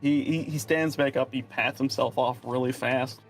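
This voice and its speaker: A man's voice: mid-range voice, steady tone, moderate pace, faint music behind. A young man running a tabletop game as game master, narrating casually with fillers and restarts.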